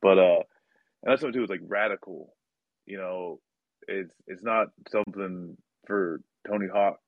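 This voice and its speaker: A man hosting a podcast, talking casually with many pauses, restarts and light laughs. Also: deep voice, no echo. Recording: slightly dull, dry audio.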